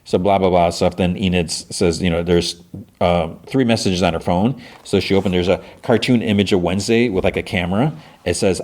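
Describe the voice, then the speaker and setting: A man's voice: low voice, a little fast, a little mellow. A middle-aged man hosting a podcast, casually recapping a show with a rambling manner. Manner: rambling, many fillers and restarts. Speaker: podcast host.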